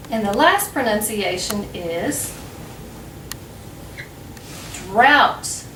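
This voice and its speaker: A woman with an American accent teaching English pronunciation as host, patiently and clearly, lifting her voice on key words. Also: fairly high pitch, a bit bright, echoey room, far from the mic, a little hiss or hum, poor audio. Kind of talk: slow, clear teaching narration.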